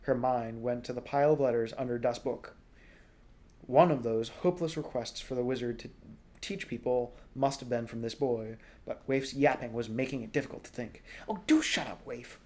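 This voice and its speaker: A man reading a storybook aloud in a relaxed way, now and then correcting small slips. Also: mid-range voice, moderate pace. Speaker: audiobook reader.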